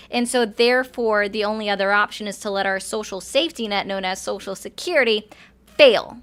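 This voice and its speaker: Insistent bright-voiced woman commentator. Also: a little high. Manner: insistent, lecturing, interrupting. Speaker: livestream political commentator. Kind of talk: heated call-in argument.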